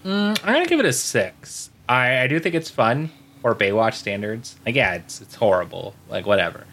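Bright-voiced man telling a rambling story. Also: medium pitch, big pitch swings, normal speed. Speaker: podcast co-host. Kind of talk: casual chat.

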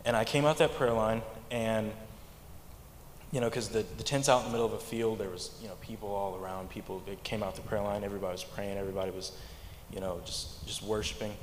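A young man giving a church testimony in a halting way, often repeating words, mostly speaking quietly. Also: on the low side, fairly even intonation, a little hiss or hum. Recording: echoey hall, faint ambience.

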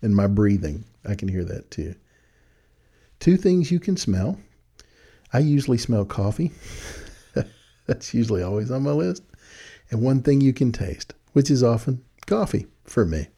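He's a Texas podcast host, very animated yet unhurried, pausing often as he muses in a casual, folksy way and chuckles at his points. His medium-pitched voice is creaky, mellow, and slightly rough, recorded on a desk studio mic with headphones.

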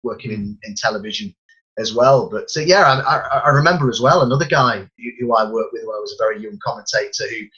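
A man's voice: lowish voice, quick pace, bright, forceful tone, muffled recording. A man who works as a football commentator, talking earnestly about his job and often repeating words as he starts a sentence. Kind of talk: casual chat.

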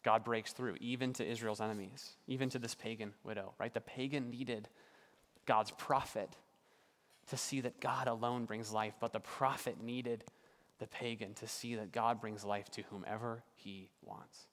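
An earnest male pastor delivers a sermon, building his points through repetition. He often softens for emphasis, his mid-pitched voice trailing into the long reverb of a large hall. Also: steady tone, moderate pace.

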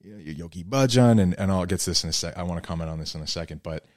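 A man's voice: low voice, fast talker, darkish tone, no room sound, studio quality. A man who is a podcast guest, explaining things earnestly in casual conversation with many fillers. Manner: earnest storytelling, heavy use of fillers.

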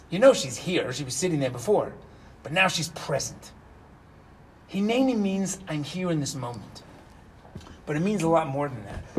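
A middle-aged man teaching Torah as a rabbi, asking rhetorical questions and moving between loud emphasis and hushed asides. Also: a little high, slight background noise, low-quality recording. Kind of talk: animated Torah lecture.

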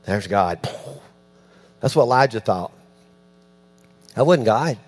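A man preaching a sermon, telling a story with lively, acted-out voices and sudden drops to hushed, near-whispered lines. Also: on the low side, slow pace. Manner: animated storytelling, acts out voices, dropping to near-hushed tones. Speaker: pastor.

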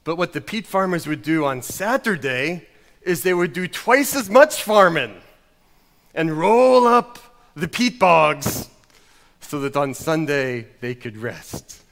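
A man voicing a stern old male Scottish pastor with a put-on Scottish accent, solemn and gently scolding. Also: a little high, expressive, slow, long reverb tail, exaggerated voice.

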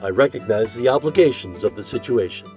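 A man's voice: on the low side, animated, a little fast, darkish tone, soft background music, close to an everyday voice. A man voicing a dignified young husband who speaks in a formal, terse way.

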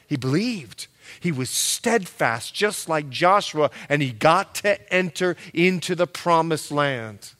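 A male pastor preaching a sermon, telling stories with lively acted-out quotes and emphatic, loud peaks. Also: on the high side, slow pace. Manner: animated storytelling with acted-out quotes.

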